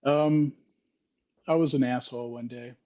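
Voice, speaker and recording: A man telling a story in a self-deprecating way on a podcast, lively and candid. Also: medium pitch, measured pace, no echo, lo-fi sound. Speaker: podcast guest, Freemason author. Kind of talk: casual storytelling conversation.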